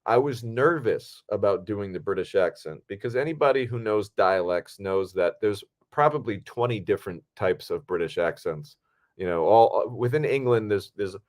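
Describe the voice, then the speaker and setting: A man co-hosting a podcast, telling a story casually in a lively, profane way. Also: lowish voice. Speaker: podcast co-host and actor. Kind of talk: casual chat.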